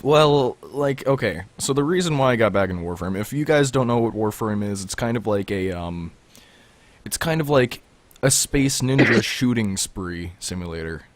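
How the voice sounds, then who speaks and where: Lower-voiced guy on a gaming podcast, rambles, lots of ums and likes. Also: animated, moderate pace, no echo. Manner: rambling, lots of fillers, explains things. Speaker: podcast co-host. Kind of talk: casual gaming chat.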